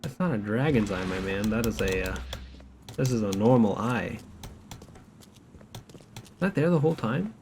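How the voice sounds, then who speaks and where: His voice is fairly low and darkish, expressive, at a moderate pace with long pauses. The young man is streaming a game from his home setup, joking and casually rambling through the game's notes; keyboard typing and background noise sit behind him.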